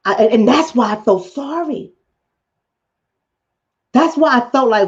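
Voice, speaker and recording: A woman vlogger delivers a casual commentary monologue straight to her viewers. Her high voice swings widely up and down as she preaches with emphasis. The sound is a little dull and lo-fi. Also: sing-song, measured pace, long pauses.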